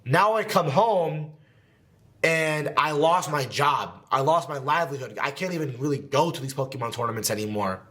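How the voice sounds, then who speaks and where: A young man from New Jersey speaks candidly to camera from his home podcast studio. His voice sits slightly high, and he talks with emotion, often pausing on fillers. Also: animated, pushed and bright. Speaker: competitive gaming creator. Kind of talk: personal storytelling to camera.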